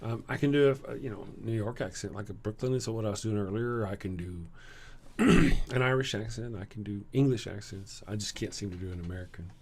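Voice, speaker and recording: A man with a Southern US accent, hosting a casual livestream and answering chat. He sounds tired, talks bluntly and sarcastically, and clears his throat often. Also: lowish voice, a little fast, darkish tone. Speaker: livestream host reading chat.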